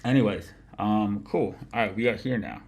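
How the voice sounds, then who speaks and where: A man hosting a casual livestream about markets, with a nasal voice, rambling, swearing often and laughing loudly. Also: on the low side, moderate pace, gravelly. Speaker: livestream host of a market analysis show. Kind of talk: casual profane chat.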